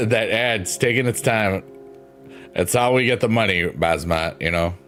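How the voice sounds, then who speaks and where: A man with a very low, deep voice rambles in a loose, playful way, chatting to his audience. Faint piano music plays behind him. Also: unhurried, fairly bright tone. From New York, US. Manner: meandering, playful, talks to chat. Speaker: streamer. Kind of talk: casual rambling chat.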